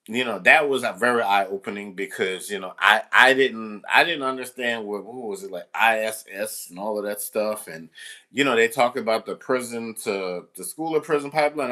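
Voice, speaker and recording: Rambling man with a bright voice. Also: lowish voice. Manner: rambling, full of restarts and "you know". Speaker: substitute teacher. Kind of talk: casual storytelling monologue.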